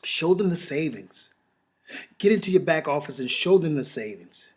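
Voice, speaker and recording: Animated and somewhat dark in tone, a male network marketing presenter offers an emotional testimonial and sales pitch, seemingly shot on a home camera. His speech halts, loops back over phrases, and breaks for sighs.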